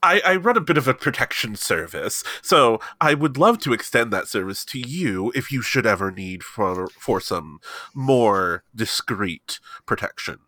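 A man's voice: medium pitch, big pitch swings, measured pace, pushed and bright, dry recording, full character voice. A man voicing a scheming young male protection broker, courteous and overly polite. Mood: smooth.

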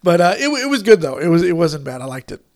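A man's voice: high-pitched, sing-song, quick pace, a little mellow. A man rambling through a casual chat about movies, full of fillers, restarts and casual swearing.

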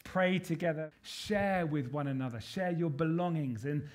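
Male preacher with a high voice, emphatic sermon delivery, call-and-response with the congregation. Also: moderate pace.

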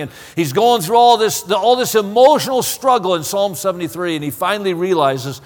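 A man's voice: high voice, lively intonation, brisk, few pauses. A man preaching a sermon in an impassioned way, often stammering and repeating words. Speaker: pastor. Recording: long hall reverb.

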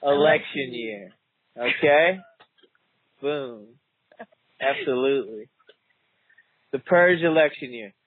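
A man's voice: mid-range voice, slow, pauses often. A man hosting a casual chat, joking around and laughing often. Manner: jokey, laughs a lot, animated. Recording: tinny dry phone-like recording, faint music.

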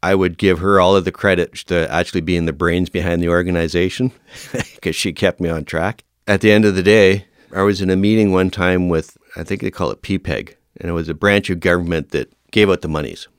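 A middle-aged man with a deep, low voice tells stories from his fire service career. He speaks in a lively, emphatic way and laughs often. The recording is dry and close. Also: brisk, clear, resonant tone, no echo. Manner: animated, emphatic storyteller who laughs often. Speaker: fire service officer, guest. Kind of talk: casual anecdotal storytelling.

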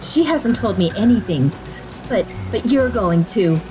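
Woman player in a tabletop game, lively up-and-down voice, kinda wry, music underneath. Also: medium pitch, a little slow, rough recording. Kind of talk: playing a character in a tabletop game.

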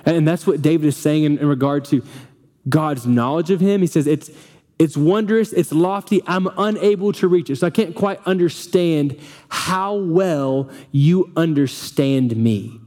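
A man's voice: a little high, a little slow, warm tone. A young man preaching a sermon as pastor, earnest, reading scripture aloud and sometimes restarting his sentences.

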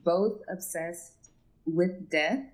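A young woman co-hosting a casual film podcast, speaking in a halting, thoughtful way. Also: on the low side, fairly even intonation. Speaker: podcast co-host.

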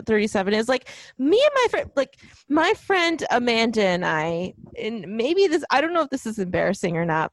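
A woman's voice: mid-range voice, creaky, no echo, rough recording. A woman in her twenties co-hosting a podcast, rambling in casual chat with many fillers. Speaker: podcast co-host.

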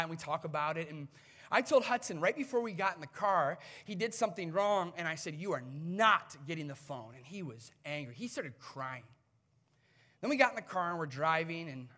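A pastor in his thirties preaching a sermon, telling family stories and moving from hushed asides to loud, emphatic lines. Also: sits high. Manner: storytelling, swings from hushed to loud.

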